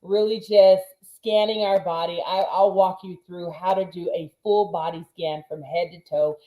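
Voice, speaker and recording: A woman fitness coach talking in a casual group chat, energetic and emotional, with tough-coach enthusiasm. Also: lowish voice, normal speed, echoey room, low-quality recording.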